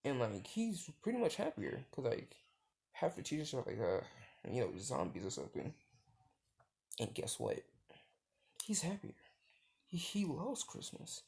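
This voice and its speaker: Brief: young guy, gravelly, lively swoops, rambling casual storyteller. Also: medium pitch, a little slow, long pauses. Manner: rambling, filler-heavy, many restarts. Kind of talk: casual improvised fan story.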